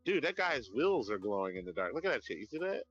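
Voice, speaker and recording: A man live-streaming outdoors at night on his phone, chatting in a rambling, profane, animated way. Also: mid-range voice, fast, highs cut off, music in the background. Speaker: livestreamer. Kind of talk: casual live-stream chat.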